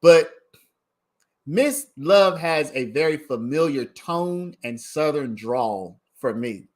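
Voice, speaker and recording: A man chats through a livestream at an unhurried pace, speaking directly to his audience as he comments. His voice sits a little high for a man, and he takes his time working through each point. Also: expressive. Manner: chatty, talks straight to viewers as "y'all". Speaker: livestream host commenting on a trial.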